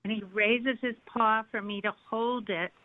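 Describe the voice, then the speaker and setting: A woman calling in to a radio show, telling a dream slowly and haltingly. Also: fairly high pitch, fairly even intonation, dry recording. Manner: slow, halting storytelling. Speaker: caller. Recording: tinny phone line.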